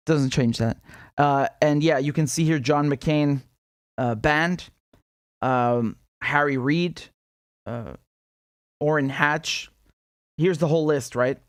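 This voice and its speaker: A man's voice: on the high side, dry recording, studio quality. A man from Syria hosting a casual livestream of political commentary, chatty, with frequent laughs and lots of fillers and restarts.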